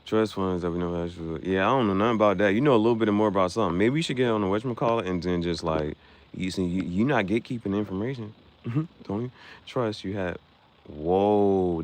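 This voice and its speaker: Joking around and laughing frequently, a young man reacts to viewer comments while hosting a relaxed livestream. He speaks briskly and expressively in a voice on the low side.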